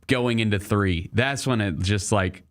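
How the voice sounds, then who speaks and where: Easygoing young man, lowish voice. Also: a little slow. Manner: easygoing, agreeable. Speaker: sports show co-host. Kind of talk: casual chat.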